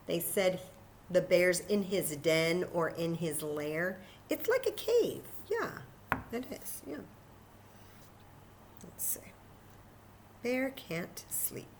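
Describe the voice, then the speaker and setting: A woman librarian reading a picture book aloud at children's story time, animated and enthusiastic, talking to the kids. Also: medium pitch, takes it slowly, slight background noise.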